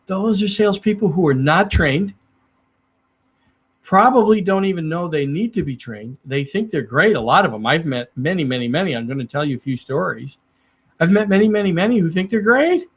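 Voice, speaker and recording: A middle-aged man who trains salespeople tells stories and acts out the clients he meets. His voice sits a little high and sounds a touch husky. The recording is dull and lo-fi. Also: expressive, fairly quick. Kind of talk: speaking to the camera about selling.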